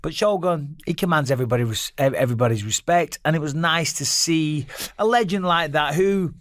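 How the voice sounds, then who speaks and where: A man with an English accent, co-hosting a podcast in casual, swearing, animated chat. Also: a little high, a little fast, no room sound, studio quality. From England. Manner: swears freely, animated storytelling. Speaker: podcast co-host.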